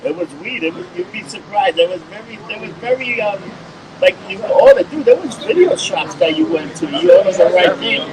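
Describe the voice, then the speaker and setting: A man's voice: high voice, big pitch swings, a little fast, crowd noise, rough recording. A man co-hosting a podcast, talking in a loose, rambling, profane and jokey way. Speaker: podcast co-host. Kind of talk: casual chat.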